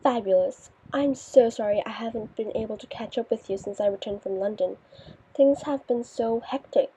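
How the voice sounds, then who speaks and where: A woman's voice: on the high side, moderate pace, dark tone, slightly rough. A woman voicing a snobbish rich teenage girl in an audiobook, haughty and condescending. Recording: dull lo-fi recording.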